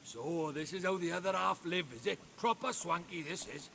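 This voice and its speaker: A man's voice: sits high, normal speed, creaky, sharp tone, a little hiss or hum, exaggerated voice. An actor voicing a cocky, bossy young street boy in a video game cutscene. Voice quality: brash, bossy.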